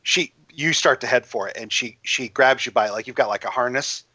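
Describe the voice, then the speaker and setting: A man narrating a tabletop game as game master, halting and full of fillers and restarts. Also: mid-range voice, pushed and bright, dry recording.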